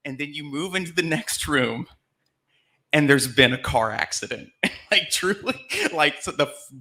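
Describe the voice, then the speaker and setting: Bright, chatty male storyteller from Alabama. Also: a little high, expressive, moderate pace. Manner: chatty, laughing as he tells it. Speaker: host. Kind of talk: comedic live storytelling. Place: live theater stage.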